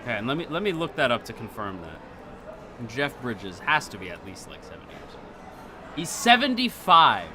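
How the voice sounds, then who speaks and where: A man streaming casual chat, excitable and quick to laugh, often restarting his sentences. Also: medium pitch, crowd noise.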